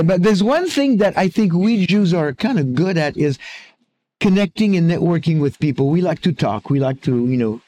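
A man's voice: a little high, warm tone. A man speaking as a guest speaker in a church, giving a chatty talk full of jokes and restarts, into a wired microphone. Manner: chatty, many fillers and restarts.

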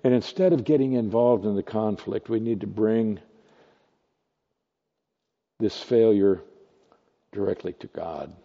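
A male pastor preaching an expository sermon, teaching slowly and deliberately with rhetorical questions. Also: lowish voice, creaky, warm tone. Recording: dull lo-fi recording with long hall reverb.

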